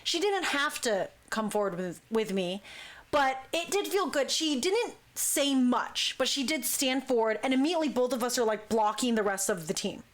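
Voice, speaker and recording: A woman hosting a talk show, telling a story in a lively, casual way and acting out what people said. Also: high-pitched, moderate pace. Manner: lively, acts out quoted speech. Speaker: talk show host, dance crew member.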